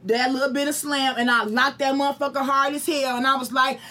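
A young adult woman telling a profane, animated story to friends and acting out the quotes. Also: high-pitched, quick pace, hardly any pauses.

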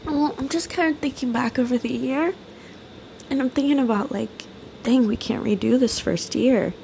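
A woman's voice: sits high, normal speed, vocal fry, background noise. A young woman co-hosting a casual podcast, tearful, reflective and hesitant with many fillers. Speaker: podcast co-host.

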